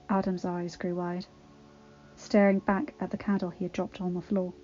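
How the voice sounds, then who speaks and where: A woman reading a fanfiction story aloud with expressive, dramatic narration. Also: on the low side, moderate pace, lo-fi sound. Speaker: fanfiction reader.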